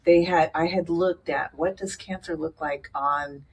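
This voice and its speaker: A woman guest in a casual talk, telling her story with animated energy and frequent laughter. Her voice sits fairly low, and it is picked up from a little way off the mic. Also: unhurried, far from the mic, crowd noise.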